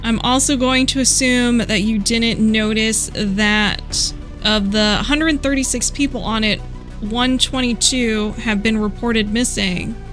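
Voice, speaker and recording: A woman reading out the lines of a smug, mysterious male hacker from a video game, in a calm, deliberate way. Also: a little high, faint music behind. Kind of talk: reading game dialogue aloud.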